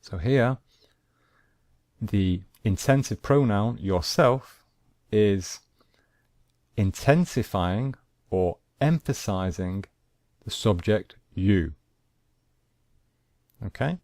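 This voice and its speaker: Male teacher, low voice, measured and unhurried grammar lesson, dry close sound. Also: expressive, darkish tone, dry recording. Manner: slow, deliberate, repeats examples. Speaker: English teacher.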